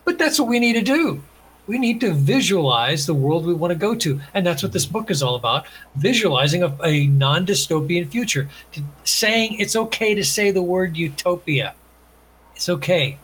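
A man's voice: high-pitched, expressive, moderate pace, a bit bright, breathy edge, low-quality recording. Earnest man preaching love and utopia. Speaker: author and guest. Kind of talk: casual podcast conversation.

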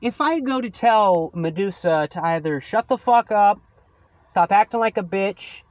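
A man's voice: high-pitched, expressive, a little slow, no room sound, muffled recording. A man hosting his own podcast, venting about a coworker in a profane, sarcastic solo rant. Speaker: podcast host.

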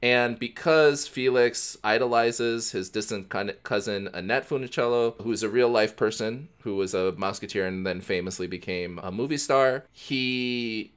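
A man's voice: mid-range voice, moderate pace, few pauses, smooth. A man co-hosting a podcast, recapping a film in casual chat and slipping into mock voices. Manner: animated storyteller, does mock voices. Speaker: podcast co-host. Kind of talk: casual movie discussion.

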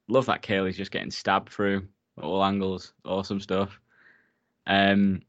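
A man's voice: low voice, fairly bright tone, no room sound, muffled recording. A man giving a casual, chatty movie recap, giggling often and swearing freely. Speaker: film recap host.

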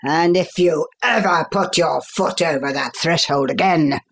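A woman's voice: low voice, unhurried, vocal fry, pitched below the performer's own voice, full character voice. A woman voicing a sinister middle-aged man who talks in an overly soothing, coaxing way that turns menacing. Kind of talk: audiobook character voice.

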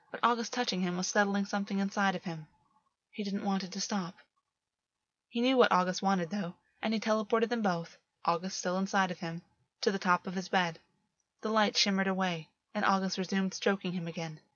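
A woman narrating a romance story in a steady, measured reading voice. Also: mid-range voice, dry recording. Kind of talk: audiobook reading of fan fiction. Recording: dull lo-fi, dry.

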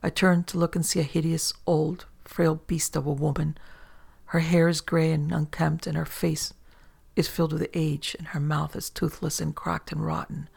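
A man narrating a first-person horror story in a low, hushed way. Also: level tone, moderate pace, creaky, husky.

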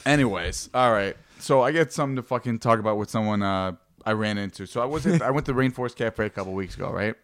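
A young man co-hosting a podcast tells rambling stories full of heavy swearing in casual, profane chat. His voice is on the low side, fast, with few pauses.

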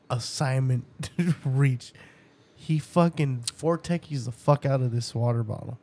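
A man telling a story about his kid in casual chat, animated and swearing, laughing often and breaking into high laughs. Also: a little slow. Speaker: father, podcast co-host.

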